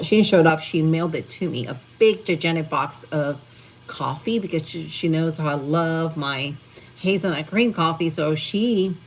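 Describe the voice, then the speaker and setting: With slight background noise and food sizzling in the pan, a woman with a lowish voice hosts a casual cooking livestream from her home kitchen, chatting to viewers as she cooks.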